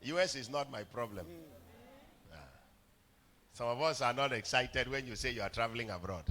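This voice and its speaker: A male pastor preaching a sermon in church, telling stories, often stammering on words and building up to shouts. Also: medium pitch, moderate pace. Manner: storytelling preacher, rising to shouts, stammered repeats. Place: church hall.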